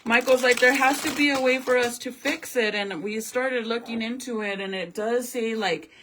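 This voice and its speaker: A woman's voice: fairly high pitch, normal speed, background noise. A young woman at home, talking casually to her vlog audience, sad and sometimes close to tears. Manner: sad, venting, sometimes tearful. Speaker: vlogger.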